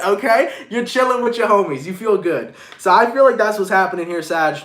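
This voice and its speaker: A man with a fairly high voice does a live-streamed tarot reading in loose, slangy banter, cursing freely and thanking viewers by name. His voice rings off the walls of an echoey room. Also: lively intonation, fairly quick, hardly any pauses, a bit bright. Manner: casual slangy banter, swears, acts out mocking voices. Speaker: tarot reader.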